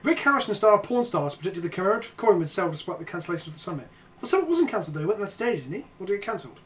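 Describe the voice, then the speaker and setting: Sweary excitable streamer guy. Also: sits high, racing. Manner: sweary, excitable, breaks into shouting and laughter. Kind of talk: casual chat on a game stream.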